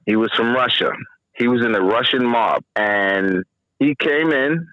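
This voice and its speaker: A man tells stories from his years as a corrections officer in a casual podcast chat. He is matter-of-fact and repeats key phrases for emphasis. His voice sits at an ordinary pitch, and the recording is dry and a little muffled. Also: measured pace, no echo.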